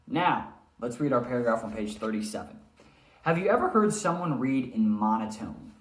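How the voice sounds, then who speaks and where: A man's voice: mid-range voice, lively intonation, brisk. A male teacher giving a recorded reading lesson, explaining and demonstrating how to read aloud. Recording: echoey room.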